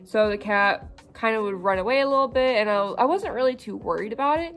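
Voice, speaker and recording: Young woman, vlogger, rambling with fillers, on the verge of tears, gravelly fry, faint music underneath. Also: fairly high pitch, animated, fairly bright tone. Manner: rambling, halting, many fillers. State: fighting back tears. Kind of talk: casual vlog.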